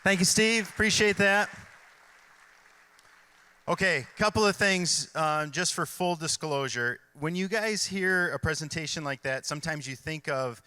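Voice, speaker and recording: A middle-aged man speaks to a room of school staff as their superintendent, telling stories in an easy way with a few fillers. His voice is bright, smooth and crisp, recorded dry and close. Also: on the high side, measured pace, dry recording. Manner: conversational storytelling with fillers. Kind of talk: speech to staff at a kickoff event. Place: school event hall.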